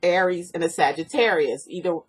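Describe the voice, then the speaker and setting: A woman reading tarot cards for one client, talking in a rough, breathy voice that sits a little low. She rambles and repeats herself with plenty of ums, and sniffles now and then from allergies. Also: fairly quick. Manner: rambling, earnest, repeats herself, lots of fillers. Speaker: tarot reader. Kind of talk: personal tarot reading to camera.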